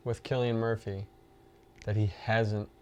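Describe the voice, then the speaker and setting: A man co-hosting a podcast in an easygoing, slangy way. He chimes in often to agree and adds his own relaxed takes. He speaks into a studio podcast mic. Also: on the low side, clear, resonant tone. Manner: laid-back and slangy, quick to agree. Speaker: podcast co-host. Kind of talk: casual podcast chat.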